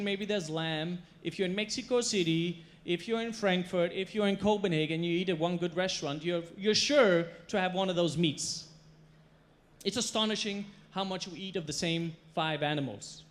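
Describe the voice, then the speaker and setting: Guy doing a stage talk, kinda high voice, tells stories with lots of punch and humor. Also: moderate pace, a bit bright. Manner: storytelling, emphatic, playful. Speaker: chef giving a stage talk. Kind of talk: stage presentation. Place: stage before a live audience.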